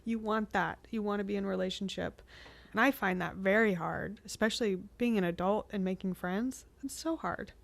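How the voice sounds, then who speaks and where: A woman co-hosting a podcast, talking candidly and reflectively with frequent restarts and soft laughs. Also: medium pitch, moderate pace, gravelly. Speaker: podcast co-host. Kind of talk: candid conversational podcast chat.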